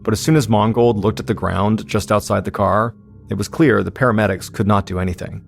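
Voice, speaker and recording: A man narrating a true-crime story in a steady, suspenseful scripted style as podcast host. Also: fairly low pitch, brisk, vocal fry, soft background music.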